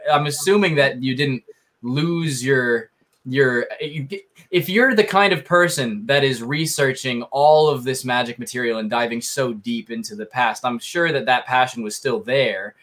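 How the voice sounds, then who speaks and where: A man's voice: medium pitch, a little slow, fairly bright tone. A man hosting a casual interview, asking long, loose, wandering questions and laughing easily. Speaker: host.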